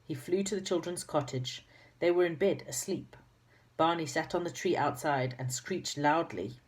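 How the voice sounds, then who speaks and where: A woman's voice: deep voice, moderate pace. A woman reading a children's book aloud, with chatty asides and small slips. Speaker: reader.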